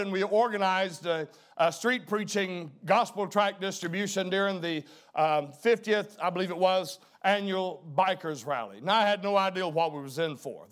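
A middle-aged man delivers a sermon, sinking into hushed, low emphasis before climbing to loud, emphatic preaching.

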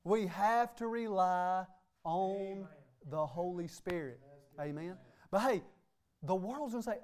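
A man's voice: high voice, animated, unhurried, darkish tone. A man preaching a sermon as pastor, emphatic and repeating "hey" and "okay" between phrases. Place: church sanctuary.

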